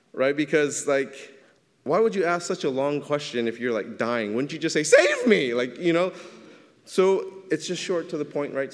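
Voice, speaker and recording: Male pastor, mid-range voice, relaxed talky sermon delivery, reverberant sanctuary sound. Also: medium pitch. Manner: conversational preaching, frequent "right?" asides. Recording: long reverb of a large hall.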